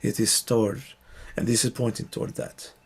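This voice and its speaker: Male tabletop player, steady explainer, pauses and restarts. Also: mid-range voice, vocal fry, husky. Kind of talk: in-character tabletop role-play.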